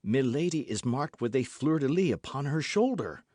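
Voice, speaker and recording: Casual: guy doing a panicky young swordsman, pitched up, pretty loud, urgent. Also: normal speed, no echo, clean studio sound, natural voice. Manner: excited, raised and loud. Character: frantic young male swordsman, breathless and urgent. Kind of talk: audiobook character voice.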